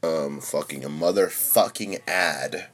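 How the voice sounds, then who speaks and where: A young man chatting casually while streaming, excitable and swearing constantly, swinging from mumbling to shouting. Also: rumbling low, takes it slowly. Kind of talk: casual profane livestream chatter.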